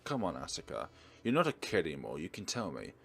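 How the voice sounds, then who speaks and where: Stern, teasing yakuza father, low and slow, very deep, voiced by a man reading aloud. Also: wildly swooping pitch, creaky, heavily acted.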